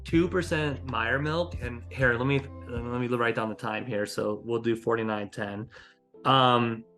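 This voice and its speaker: A man's voice: mid-range voice, fairly even intonation, measured pace, fairly bright tone, soft background music. Profane rambling podcast storyteller man. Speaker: podcast host. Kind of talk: casual storytelling chat.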